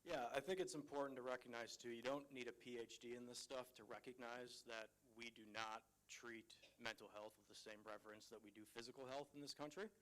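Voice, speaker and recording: A man on a conference panel making a measured, reasoned argument. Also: mid-range voice, steady tone, fairly bright tone, low-quality recording. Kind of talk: panel discussion.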